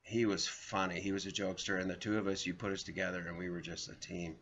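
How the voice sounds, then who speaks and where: Gravelly guy rambling through stories to his viewers, kinda dull lo-fi audio. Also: deep voice, level tone, fast talker, a bit bright, slight background noise. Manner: rambling, anecdotal, addresses viewers as folks. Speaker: vlogger, show host. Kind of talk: casual storytelling monologue.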